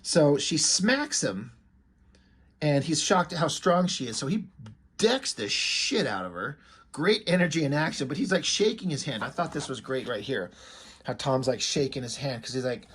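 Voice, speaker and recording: A man casually reviewing a comic book, excited, with swearing and many fillers. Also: fairly high pitch, moderate pace, breathy edge.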